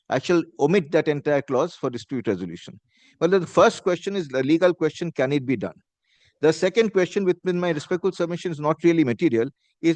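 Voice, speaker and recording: An advocate with an Indian English accent argues formally before a judge, repeating "my lord" constantly. His voice sits on the high side with a darkish tone, and there's no echo.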